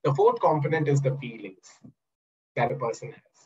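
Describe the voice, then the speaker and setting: With lo-fi sound, an NLP coach and trainer delivers a webinar talk over a video call, explaining through questions and acted-out examples. His mid-range voice is animated and a little mellow, at normal speed.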